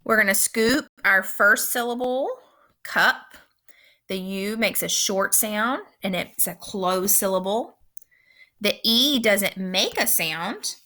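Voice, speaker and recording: Bright-voiced woman teaching phonics slowly. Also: medium pitch. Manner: slow, patient, clearly enunciated teaching. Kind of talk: recorded phonics lesson for young children.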